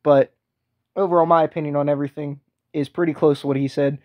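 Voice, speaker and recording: A man's voice: fairly high pitch, steady tone, fast, dull audio. A man hosting a casual fantasy football chat, talking hesitantly with lots of ums and restarts. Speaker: host.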